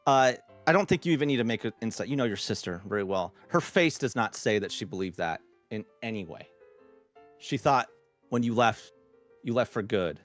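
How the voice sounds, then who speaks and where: A man's voice: mid-range voice, animated, normal speed, fairly bright tone, faint music behind. A man narrating a tabletop game as game master, loose and chatty with lots of fillers. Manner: laughing, loose storytelling with many fillers.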